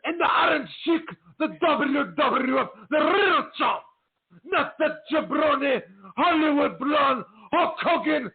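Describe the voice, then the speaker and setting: A man doing an impression of a famous wrestler, shouting a broken-English promo in a heavy put-on accent. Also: very high-pitched, lively intonation, slow pace, pitched above the performer's own voice, exaggerated voice. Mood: bombastic. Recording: tinny phone-like line.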